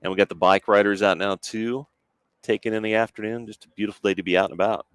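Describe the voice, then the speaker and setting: Male play-by-play announcer, easygoing with relaxed asides, lower voice, dry close sound. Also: clean tone, no echo. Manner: easygoing, agreeable, fills with quick asides. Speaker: play-by-play commentator. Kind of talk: sports broadcast commentary.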